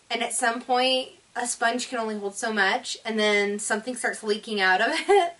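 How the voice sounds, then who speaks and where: A woman's voice: medium pitch, fairly bright tone, far from the mic. A woman hosting a casual knitting vlog, chatty and enthusiastic but tired and yawning, rambling with many fillers. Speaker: knitting podcast host.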